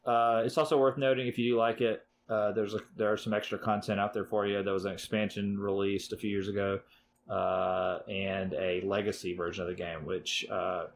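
A man's voice: lowish voice, little pitch movement, normal speed, a little hiss or hum. A man hosting a casual board game podcast, talking enthusiastically and rambling with many fillers. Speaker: podcast host.

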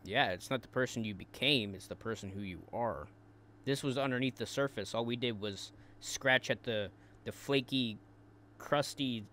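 A man's voice: mid-range voice, a bit bright, slight background noise. Crude, taunting male commentary host. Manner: taunting, crude, repeats words in bursts. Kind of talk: mocking commentary.

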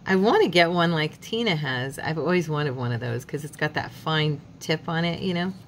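A craft channel host with a low, expressive voice chats casually at normal speed while working through a crafting tutorial. She adds faith-filled asides and laughs at herself, with a little hiss or hum in the recording.

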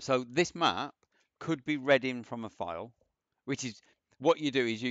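A programming teacher with a lowish, slightly bright voice talks casually through a coding tutorial with screen share, thinking aloud as he types and rambling with self-deprecating remarks. The lo-fi mic sounds dull and dry, with no echo.

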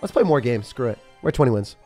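Young male streamer, animated swings in pitch, excitable play-by-play with faint music behind. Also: fast talker. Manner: excitable, talks to himself while playing, sudden yelps. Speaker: game streamer. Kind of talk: live gameplay commentary.

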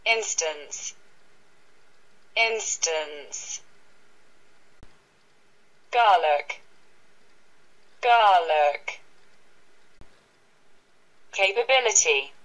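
A woman reading English vocabulary words one at a time for learners, saying each word twice with pauses between. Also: lowish voice, lively intonation, a bit bright, poor audio. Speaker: vocabulary reader.

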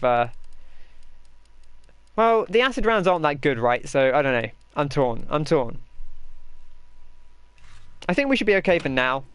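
Smooth-voiced man, dry close sound. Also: medium pitch, a bit bright, dry recording. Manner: chatty, rambling, answers chat. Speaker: gaming host. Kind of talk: live gameplay commentary.

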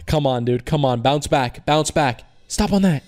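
A man's voice: fairly high pitch, moderate pace. A young man giving casual commentary on opening online cases, groaning at losses and cheering at wins, talking in slang to his viewers. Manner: swings between groaning frustration and loud cheering. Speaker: case-opening video host. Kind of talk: excited gaming commentary.

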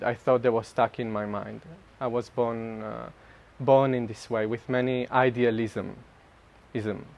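A man giving a personal spiritual talk to a group, animated and self-mocking, often laughing mid-sentence. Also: mid-range voice. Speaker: speaker sharing at a group retreat.

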